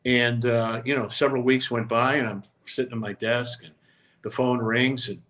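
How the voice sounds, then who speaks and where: An older man speaks at an everyday mid pitch, unhurried and conversational. He drifts into long stories in a reflective, regretful voice, now and then slipping into the voices of the people he quotes. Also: steady tone, a bit bright. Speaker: sports talk show co-host. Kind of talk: casual storytelling chat.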